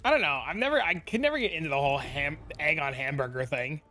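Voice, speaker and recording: Bright-voiced man chatting on a stream. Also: a little high, lively intonation, fast talker, faint music behind. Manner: rambling, swearing, answers chat. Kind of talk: casual chat while streaming a game. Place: home streaming room with green screen.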